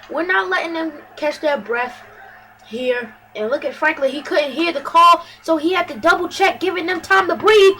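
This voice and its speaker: A woman doing excitable play-by-play commentary over her football video game, bursting into shouts on big plays and tripping over her words. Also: high voice, low-quality recording.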